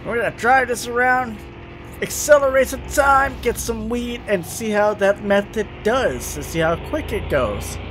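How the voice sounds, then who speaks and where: A man giving excitable let's play commentary, swearing and talking to himself as he plays. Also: sits high, measured pace, soft background music. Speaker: gaming YouTuber.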